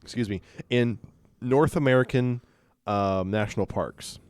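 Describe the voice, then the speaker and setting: A man hosting a podcast, chatting casually and walking through a story with halting restarts and fillers. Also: medium pitch, clean tone, no echo. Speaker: podcast host presenting stories. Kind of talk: casual chat and story rundown.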